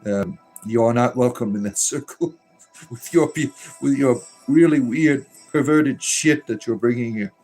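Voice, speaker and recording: A man's voice: mid-range voice, a little slow, a little mellow, soft background music. A man hosting a casual livestream, reading chat messages aloud in a joking, irreverent way and laughing often.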